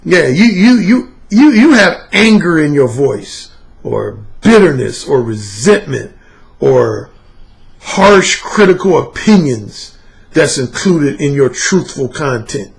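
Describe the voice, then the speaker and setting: A man's voice: on the high side, lively intonation, slow, gravelly. A man and dating coach delivering a casual vlog monologue, emphatic, profane and repetitive as he hammers his points home.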